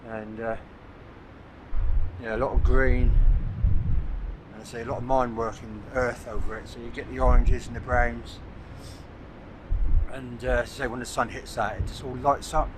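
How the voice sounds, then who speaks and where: A man around sixty with a mid-range voice speaks flatly at a moderate pace, pausing often. He is a landscape photographer vlogger taking pictures on a coastal cliff at sunset, rambling casually to camera with many hesitations and "uh"s, while outdoor noise is clearly heard in the background.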